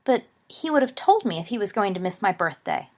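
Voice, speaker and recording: A woman reading the part of a sharp-tongued, demanding teenage girl who snaps. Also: medium pitch, very animated, fairly quick. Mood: snapping. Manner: snappish.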